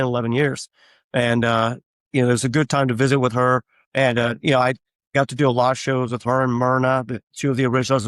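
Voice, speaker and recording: A man's voice: mid-range voice, a bit bright, no echo. Man telling stories in a dry close voice. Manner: rambling anecdotal storytelling with frequent fillers. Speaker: guest, tribute artist for a famous singer. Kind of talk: casual interview chat.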